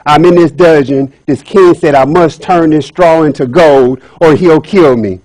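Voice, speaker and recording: A man's voice: on the high side, a little slow, darkish tone, no echo, natural voice. A man voicing a poor, frightened young woman in a told folk tale, pleading in his own plain voice. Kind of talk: storytelling speech.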